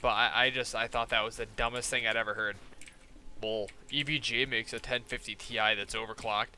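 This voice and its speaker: A fairly low-pitched man speaks fairly quickly with fairly even intonation and a sharp tone, over slight background noise. As a gaming streamer in casual chat, he profanely rants about an argument and mocks others by quoting them.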